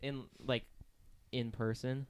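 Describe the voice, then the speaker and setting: A teenage boy chatting in a quick, jokey, animated way. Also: medium pitch, clean tone. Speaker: podcast co-host. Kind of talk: casual chat.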